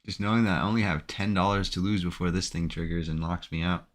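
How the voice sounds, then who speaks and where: A man with a somewhat low voice talks through his trades live as he makes them. His commentary is anxious and emotional, and he keeps talking to himself. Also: fairly even intonation, fast talker. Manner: anxious, emotional self-talk. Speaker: day trader streaming his trading.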